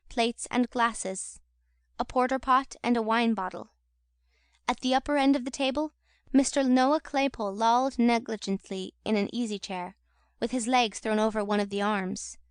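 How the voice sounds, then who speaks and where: A woman narrating a classic novel audiobook in a measured reading voice. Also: fairly high pitch, clean tone, no echo, clean studio sound. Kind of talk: scripted narration.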